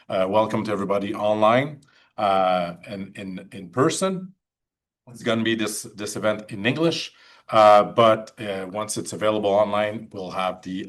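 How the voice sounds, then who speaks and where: A man with a Quebec French accent hosting and introducing a guest speaker, hesitant, with many fillers. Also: lowish voice. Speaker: host, political science professor.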